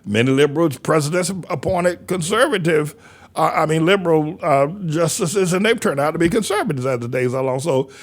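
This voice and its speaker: A man, a church pastor, giving animated sermon-style commentary with a stammering, repetitive delivery and loud outbursts. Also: on the high side, a little fast.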